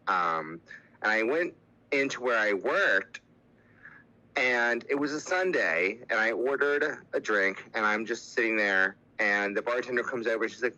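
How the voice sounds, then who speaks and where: A man's voice: on the low side, unhurried, sharp tone, dull audio. A man speaking as a podcast guest, telling a personal story in casual, candid talk, with lots of "like" and "you know".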